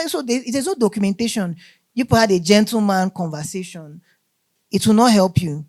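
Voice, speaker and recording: A woman's voice: mid-range voice, a little fast, a little mellow. A woman teaching a workshop on law, emphatic and often checking that listeners follow. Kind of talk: lecture to a live group.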